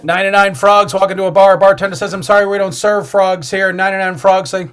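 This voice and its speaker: A man hosting a live online improv comedy show, briskly calling on players by name over a video call. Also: sits high, flat delivery, fairly bright tone, smooth. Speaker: improv host.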